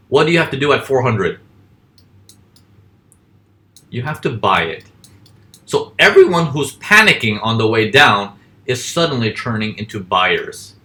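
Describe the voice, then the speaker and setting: Bright-voiced man teaching forex charts. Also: medium pitch. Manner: asks questions and answers them himself; acts out panicking traders in quick voices. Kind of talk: casual live teaching over charts.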